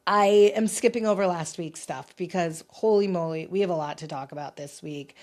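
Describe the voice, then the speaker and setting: A woman in her fifties hosting a casual solo podcast, chatty and talkative, her voice still slightly hoarse as she recovers from losing it. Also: fairly low pitch, darkish tone. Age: 50s. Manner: chatty and talkative, self-described talker. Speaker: podcast host.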